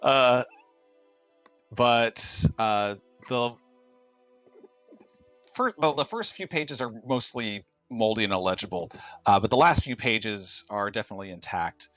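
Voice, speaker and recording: A man running a tabletop game as game master, talking in a halting way with many restarts. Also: on the low side, animated, a bit bright, dry recording, soft background music. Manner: halting, full of fillers and restarts.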